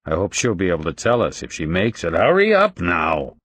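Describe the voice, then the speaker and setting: A man's voice: sits low, wildly swooping pitch, brisk, fairly bright tone, husky, no room sound, heavily acted. A man voicing a grim male police detective who gives curt, urgent orders.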